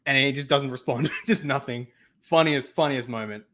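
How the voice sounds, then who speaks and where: Young Australian male host, lively storyteller, laughs easily, average-pitched voice. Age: young adult. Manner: animated storytelling, laughs often, quick asides. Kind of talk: casual chat on a video call.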